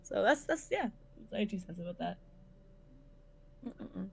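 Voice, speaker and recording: A woman's voice: medium pitch, lively intonation, a little slow, gravelly, husky. A woman co-hosting a podcast in casual chat, talking bluntly and animatedly and swearing freely. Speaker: podcast co-host.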